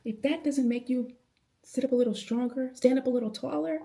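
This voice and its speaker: At home indoors, a woman in her thirties vlogs to camera in a casual, passionate late-night Bible chat, full of slang, addressing viewers as y'all. She rambles with many restarts and laughs. Her voice sits high, creaky and mellow, and runs a little fast.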